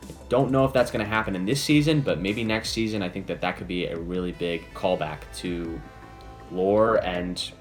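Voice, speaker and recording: A man's voice: low voice, normal speed, soft background music. A man giving a casual, enthusiastic spoiler review, chatty and full of "basically" and "like". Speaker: video reviewer.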